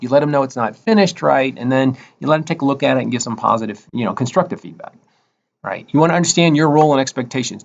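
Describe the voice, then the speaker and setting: A man's voice: mid-range voice, dull audio. A man giving a casual recorded course lecture, often tagging his points with "right?" and acting out bits of dialogue. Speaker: instructor.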